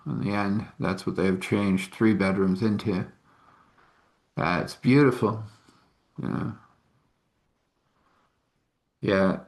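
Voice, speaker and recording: A man's voice: low-pitched, slow pace, pauses often. A man casually telling a story, rambling with conversational asides.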